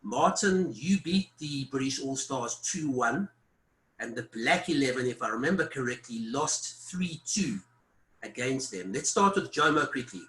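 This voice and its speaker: Brief: male moderator, bright voice, echoey room, video call. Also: mid-range voice, animated, measured pace. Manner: prompting, recalls details for guests. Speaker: panel moderator. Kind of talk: hosting an online panel.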